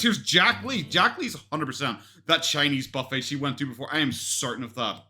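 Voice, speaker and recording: Brief: man, sarcastic reaction commentator, high and animated, bright edge, swears a lot. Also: a little fast, few pauses, faint music behind. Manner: mocking, sweary, laughing often. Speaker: commentary youtuber reacting to a vlog. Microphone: desk USB microphone.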